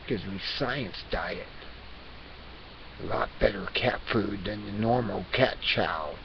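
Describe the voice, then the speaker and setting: A man's voice: lowish voice, slow. A man voicing a male house cat who rants and scolds, hectoring listeners to pay attention. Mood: scolding. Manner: hectoring, conspiratorial, repeats demands to pay attention. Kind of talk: comic character rant. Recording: dull lo-fi recording with hiss.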